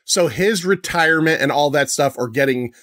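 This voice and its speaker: A man's voice: fairly high pitch, normal speed, fairly bright tone, no room sound, studio quality. A man hosting a podcast, chatting in a laid-back, rambling way. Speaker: podcast host. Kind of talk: casual chat.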